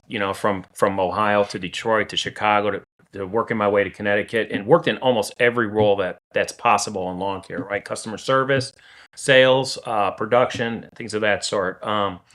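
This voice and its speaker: A man who owns a lawn care company, talking as a podcast guest in a plain-spoken, steady way with frequent restarts. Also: on the low side. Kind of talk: casual podcast conversation.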